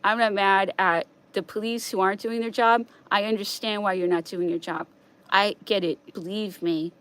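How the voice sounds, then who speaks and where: A woman streaming a rambling, agitated monologue, repeating herself, swinging between raised outbursts and quiet, hushed stretches. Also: medium pitch, fairly even intonation, moderate pace, smooth.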